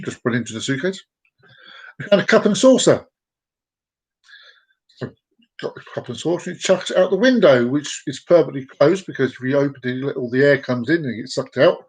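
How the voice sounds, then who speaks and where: A man hosting a comedic live show, telling a long joke in a playful, drawn-out, sing-song way. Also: medium pitch, breathy edge. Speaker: show host.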